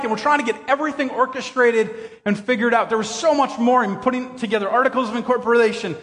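A middle-aged male pastor delivering a sermon with a high-pitched voice. He talks conversationally, tells jokey stories and breaks into loud bursts of shouting. His voice rings with the long reverb of a church hall. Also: fast.

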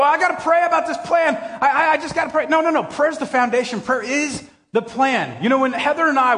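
A middle-aged male pastor delivering a sermon with a high-pitched voice. He talks conversationally, tells jokey stories and breaks into loud bursts of shouting. His voice rings with the long reverb of a church hall.

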